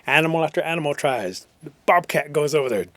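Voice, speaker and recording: A man from the Cherokee Nation in Oklahoma telling a traditional tale in a rhythmic way, slowing down for emphasis. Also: on the high side, animated, fairly bright tone, no room sound. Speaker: traditional storyteller. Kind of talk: oral storytelling.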